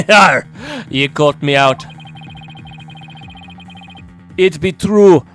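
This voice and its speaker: A boisterous, swaggering pirate bellows his slang in a Jamaican-style accent, pitched high and loud, as a man puts him on while reading game dialogue. He sounds brash and pleased with himself, and faint music plays behind him. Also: slow. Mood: gloating. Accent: put-on Jamaican-style pirate accent. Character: brash anti-vegan male pirate.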